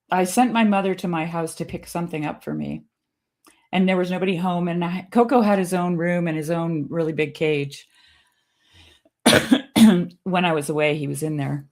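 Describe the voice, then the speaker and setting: Lower-pitched woman telling lively stories. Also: normal speed, long pauses. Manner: animated, laughing storyteller who acts out quotes in a varied pitch. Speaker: guest. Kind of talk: casual conversational storytelling.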